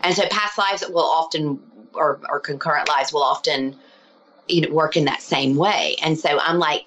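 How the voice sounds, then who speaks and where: A woman telling stories as a healer guest in a casual interview, animated and chatty with lots of fillers. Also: deep voice, moderate pace, slight background noise, poor audio. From lives abroad, not local.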